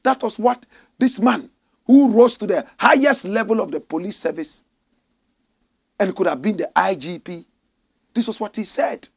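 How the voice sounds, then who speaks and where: Ghanaian man, political commentary, fiery and indignant, raised pitch, gravelly edge. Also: normal speed, long pauses. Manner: fiery, indignant, rhetorical questions, addresses listeners as brother and sister.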